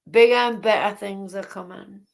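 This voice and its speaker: A woman hosting a casual livestream chat, speaking haltingly and repeating herself. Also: mid-range voice, gravelly. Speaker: livestream host.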